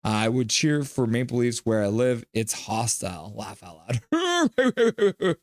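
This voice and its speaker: Young guy, livestream host, jokey chat banter, ordinary pitch, dry close sound. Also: moderate pace, no room sound. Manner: joking, excitable, banters with chat. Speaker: live-stream host. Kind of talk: live reaction stream commentary, reading chat.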